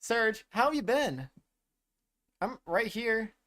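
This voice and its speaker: A man voicing an excited young woman from a role-playing game, exclaiming her lines. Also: high-pitched, slow pace, voice pushed up, exaggerated voice. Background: game music.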